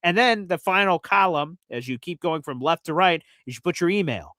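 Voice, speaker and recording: A man's voice: on the high side, lively intonation, moderate pace, pushed and bright, no echo. A man hosting a live fan show in casual talk, chatty and enthusiastic, explaining things step by step. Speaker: host of a fan radio show.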